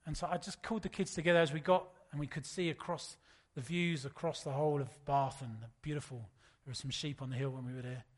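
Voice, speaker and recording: Conversational preacher, fairly high voice. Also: male voice, steady tone, fast, few pauses. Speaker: pastor. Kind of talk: sermon.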